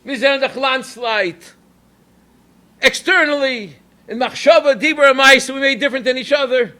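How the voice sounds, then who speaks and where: A man with a very high, bright voice delivers a Torah lecture as a rabbi. He moves between storytelling and teaching, and he slips Yiddish and Hebrew phrases into his English. Now and then he rises to emphatic calls. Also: moderate pace.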